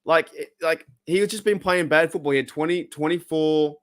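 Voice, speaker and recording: A man's voice: on the high side, moderate pace. A man hosting a live fan stream, rambling and fired up while he chats with viewers. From Australia. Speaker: fan channel host.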